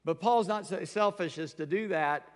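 A man's voice: high voice, moderate pace. A man preaching a sermon in a conversational way, acting out the quoted voices as he tells the story. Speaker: pastor. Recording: long reverb of a large hall.

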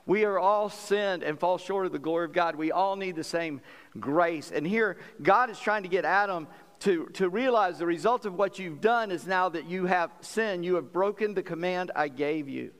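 Folksy pastor in a reverberant hall. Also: male voice, sits high, moderate pace. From South Carolina, US. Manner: folksy, conversational preaching with laughs and acted quotes. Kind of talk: sermon.

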